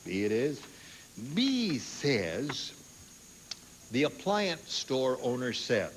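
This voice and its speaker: Animated, jokey game show host man. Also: medium pitch, drawn-out words, pauses often. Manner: jokey, animated, laughs often. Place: TV studio stage with audience. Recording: noisy old TV broadcast.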